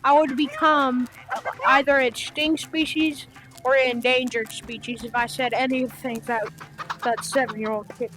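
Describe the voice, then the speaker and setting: A woman's voice: high voice, steady tone, normal speed, fairly bright tone, soft background music. A young woman hosting a gaming channel, chatting to viewers in a rambling, playful way with many fillers. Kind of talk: casual chat to viewers.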